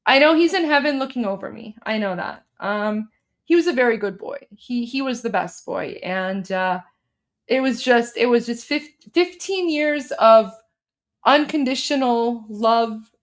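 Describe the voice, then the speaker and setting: A woman's voice: fairly high pitch, a bit bright. Chatty, blunt woman hosting a live stream. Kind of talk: casual live-stream commentary reading viewer chats.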